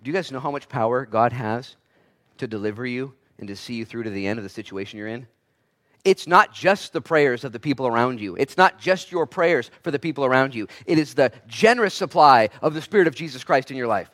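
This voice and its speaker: A man preaching a sermon as pastor, swinging between quiet and loud delivery and acting out the voices he quotes. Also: medium pitch, expressive, brisk.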